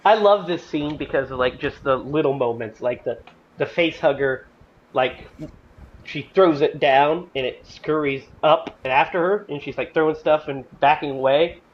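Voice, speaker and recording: A man hosting a casual movie discussion, animated and profane, acting out lines from scenes as he talks. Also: a little high, moderate pace. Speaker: podcast host. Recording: slightly dull audio with faint noise.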